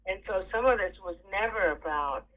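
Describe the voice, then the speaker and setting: Animated middle-aged woman telling stories. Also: medium pitch, moderate pace, poor audio. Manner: animated storyteller who swears freely. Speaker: aunt. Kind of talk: casual family chat.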